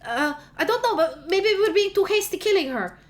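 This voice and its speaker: A woman's voice: extremely high pitch, animated, very fast, pitched above the performer's own voice. A woman voicing a nervous young woman adventurer who stutters and apologizes.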